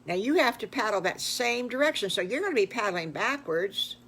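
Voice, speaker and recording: An older woman voicing a gentle, cheerful mother pig in a storybook. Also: on the high side, expressive, brisk, husky, pitched above the performer's own voice, heavily acted.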